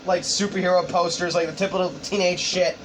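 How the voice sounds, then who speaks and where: A man narrating a story pitch in a rambling, profane, casual way with lots of fillers. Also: little pitch movement, brisk. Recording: distant mic, background noise.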